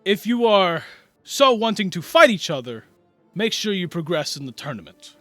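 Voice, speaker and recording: Guy putting on a loud showy arena announcer, way up high and shouting, bright. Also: sing-song, normal speed, dry recording, faint music behind, heavily acted. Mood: showy, commanding. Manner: booming, showman-like announcing. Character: excitable loud male tournament announcer.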